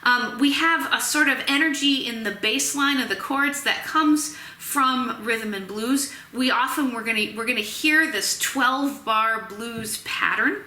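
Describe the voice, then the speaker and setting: A woman's voice: a little high, unhurried, few pauses, sharp tone. A woman giving a recorded music history lecture in a chatty way, with many fillers and restarts. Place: Tennessee. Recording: echoey room.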